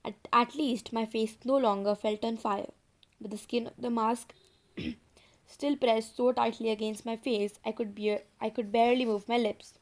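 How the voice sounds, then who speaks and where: A woman narrates a spooky children's story for an audiobook, drawing out the tension line by line. Her voice sits slightly high, and she now and then turns to her listeners directly to warn them of what's coming. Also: steady tone, moderate pace. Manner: suspenseful, addresses listeners directly. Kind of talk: dramatic audiobook reading.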